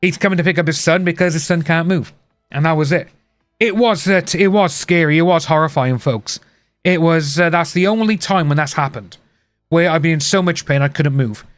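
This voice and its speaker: A man with a somewhat high voice hosts a relaxed live stream, rambling through a personal story full of asides. His voice sounds close and dry, with faint music playing underneath. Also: a little fast, dry recording. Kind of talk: casual live-stream chat.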